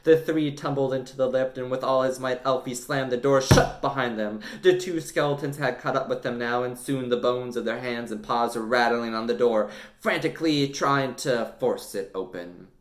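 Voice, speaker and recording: A man reading a children's book aloud, narrating with lively drama. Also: medium pitch, normal speed, hardly any pauses, reverberant. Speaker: storyteller.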